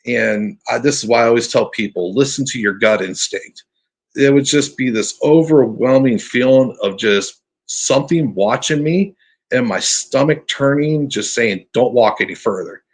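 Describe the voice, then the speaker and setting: Husky-voiced man telling a spooky story. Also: medium pitch. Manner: earnest, halting, restarts often. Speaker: podcast guest telling his encounter story. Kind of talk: casual storytelling.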